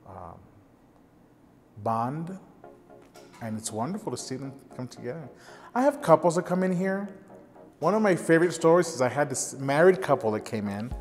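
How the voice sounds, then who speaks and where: A man's voice: mid-range voice, a little mellow. Man speaking earnestly in echoey room. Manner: earnest, storytelling with gestures. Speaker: ceramics teacher. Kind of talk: documentary interview.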